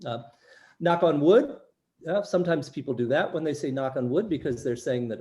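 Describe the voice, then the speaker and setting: The workshop presenter, an older East Coast American man, talks international students through material online, frequently adding "right?". He speaks at a normal speed in a warm, animated, mid-range voice.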